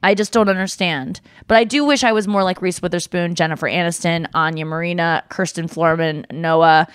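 A woman's voice: on the low side, steady tone, a little fast, smooth, no room sound, clean studio sound. A woman hosting a podcast, chatting candidly and rambling about herself with self-deprecating humor. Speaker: podcast host. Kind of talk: casual chat.

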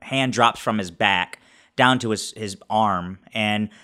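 A man playing a tabletop role-playing game, narrating his character's actions in a halting way with many restarts. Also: fairly low pitch, sharp tone. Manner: halting, many restarts while describing scenes. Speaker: player.

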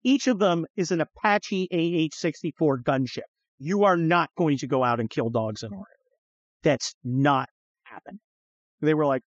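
A middle-aged man hosting a podcast, telling stories in a profane, animated way and acting out the people he quotes. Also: on the high side, moderate pace, no room sound. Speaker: podcast host. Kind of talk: casual storytelling chat. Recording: slightly dull, dry studio sound.

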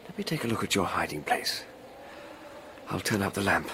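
A man's voice: deep voice, big pitch swings, normal speed, background noise. An actor playing a nervous young male scholar alone at night, talking to himself and easily spooked. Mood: uneasy.

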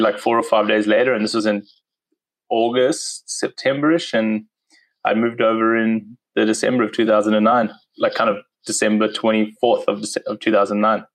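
A man in his thirties with a South African accent speaks in a lowish voice, rattling along at a quick clip. His casual chat is full of "like" and easy laughter. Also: rough recording. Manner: chatty, laughs easily, lots of "like". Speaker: interview guest. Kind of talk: casual conversation.

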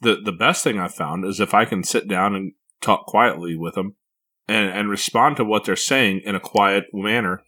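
A man's voice: lowish voice, normal speed, bright, forceful tone. A man hosting a casual podcast conversation as a parent, speaking reflectively with frequent repeated words.

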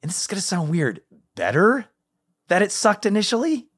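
Male co-host, lively pitch swings, rambling excited chatter. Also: a little fast, slightly rough. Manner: excitable, rambling, voice jumping up when animated. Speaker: podcast co-host. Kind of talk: casual chat.

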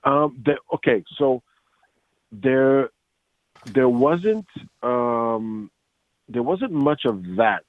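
A man's voice: medium pitch, lively intonation, drawn-out words, long pauses, no room sound. A man in a casual interview, telling stories animatedly and acting out quotes, with many restarts. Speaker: voice actor guest. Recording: dry tinny phone-like line.

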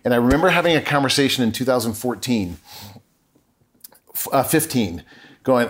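A man's voice: mid-range voice, animated, moderate pace, long pauses, fairly bright tone. Earnest middle-aged man telling his story. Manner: earnest, acts out remembered dialogue. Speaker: podcast guest. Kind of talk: personal storytelling in a conversation.

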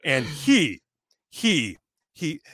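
A man's voice: fairly high pitch, drawn-out words, no room sound. A middle-aged man telling a funny story in casual chat, acting out the other people's lines and swearing now and then. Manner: animated, acts out quoted voices, swears.

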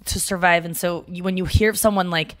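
A woman co-hosting a podcast in casual chat, chatty with quick asides and playful impressions. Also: on the low side, steady tone, a bit bright, no room sound, clean studio sound. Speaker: podcast co-host.

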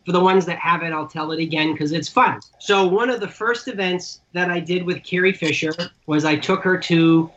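A man who manages celebrities tells long, rambling anecdotes full of restarts during a chatty conversation over a remote call with dull, lo-fi audio. His voice sits high and sounds sharp, at a moderate pace with few pauses.

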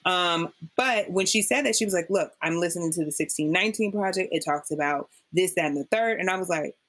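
Her voice sits on the low side and she talks briskly. As a guest on a podcast interview, she's an animated, emphatic storyteller who performs the quotes of people who spoke to her.

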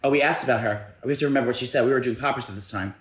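A man co-hosting a podcast, telling a story in an animated, casual way. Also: mid-range voice, racing. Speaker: podcast co-host. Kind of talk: casual chat.

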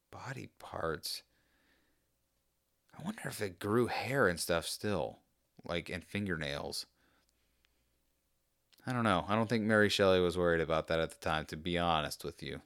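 A man's voice: low voice, a bit bright, smooth, no echo, clean studio sound. A man in casual chat, rambling off on tangents with jokey, self-deprecating asides.

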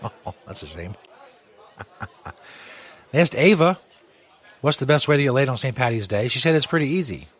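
A man's voice: mid-range voice, very animated, normal speed, long pauses. A man hosting a live radio show from a pub in a casual, joking way, laughing at his own jokes. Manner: laid-back, joking, laughs at own bits. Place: pub during a live broadcast. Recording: crowd and music behind. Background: rowdy crowd and music.

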